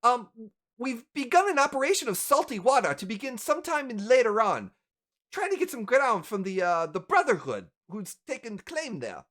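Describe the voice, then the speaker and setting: A man voicing a polite young assistant who reports quickly and deferentially. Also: extremely high pitch, big pitch swings, fairly bright tone, pitched above the performer's own voice, exaggerated voice. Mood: dutiful.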